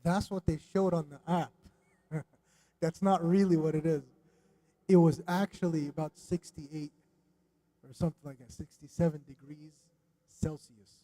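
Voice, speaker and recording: A man giving a religious lesson in a mosque, animated and questioning his audience, dropping Arabic religious phrases. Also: a little high, a little slow. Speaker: religious teacher. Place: mosque hall.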